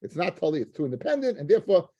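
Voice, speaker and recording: A man's voice: on the high side, very animated, rapid-fire, dark tone, slightly rough, no room sound, dull audio. A man teaching a Talmud class, reading Aramaic phrases aloud, translating them, and often repeating himself as he works through a passage.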